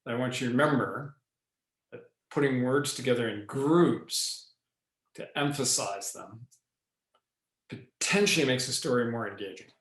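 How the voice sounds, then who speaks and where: A man speaks as a guest on a podcast, laying out ideas about leadership with a voice of middling pitch. He deliberately slows down, pauses and groups his words for emphasis. The recording carries a noticeable echo from the room. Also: a bit bright. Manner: explanatory, varies pace and pauses deliberately. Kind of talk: podcast interview.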